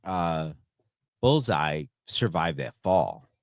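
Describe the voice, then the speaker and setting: A man's voice: sits low, very animated, slow, no echo, studio quality. A man co-hosting a podcast, laid-back and crude, often laughing and swearing. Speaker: podcast co-host. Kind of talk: casual crude podcast banter.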